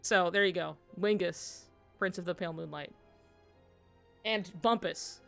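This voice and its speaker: A woman's voice: on the low side, a little slow, creaky, soft background music. A woman streaming a video game at home, chatting casually and telling stories with lots of giggles. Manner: giggly, animated storytelling. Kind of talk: casual chat while playing a video game.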